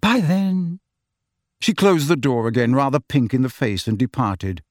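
A man narrates an audiobook with a measured, expressive storytelling delivery. His pitch moves a lot, rising and falling through each sentence. The sound is dry and close. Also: no echo.

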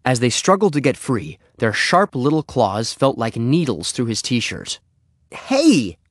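A man reading a children's story aloud in an expressive way. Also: medium pitch, measured pace, no room sound, studio quality. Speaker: narrator.

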